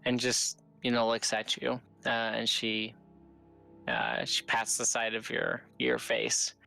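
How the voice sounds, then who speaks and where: Male game master, bright and forceful tone, rambling tabletop narration. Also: mid-range voice, completely flat delivery, slow pace, gravelly, soft background music. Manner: loose, rambling narration with many fillers.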